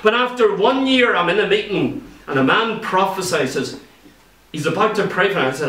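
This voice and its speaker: A man with an Irish accent preaching a sermon, telling stories in a lively way and acting out what people said. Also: high voice, moderate pace. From Ireland. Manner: lively storytelling, acts out quoted speech. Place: church. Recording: echoey church room, mic at a distance.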